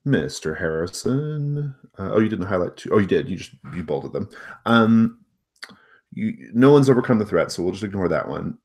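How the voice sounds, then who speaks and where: A man running a tabletop role-playing game, relaxed and encouraging with his players. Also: fairly low pitch, moderate pace. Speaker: game master.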